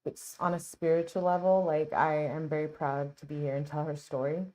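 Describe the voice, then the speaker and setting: A woman's voice: deep voice, little pitch movement, brisk, darkish tone. A woman hosting a true crime channel, talking casually and earnestly over footage she plays. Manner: earnest, outspoken, chatty.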